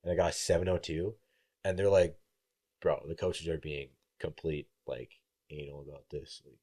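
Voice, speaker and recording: A young man with a very low, mellow voice, spinning a casual story on a podcast. He acts out other people's lines as he goes and swears freely. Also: little pitch movement, moderate pace. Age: young adult. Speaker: podcast guest, college baseball player.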